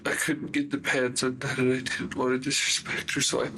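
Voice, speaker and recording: A man confessing in a police interview, talking in a halting, rambling way full of fillers. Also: mid-range voice, completely flat delivery, bright, forceful tone, slight background noise, poor audio. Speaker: suspect confessing.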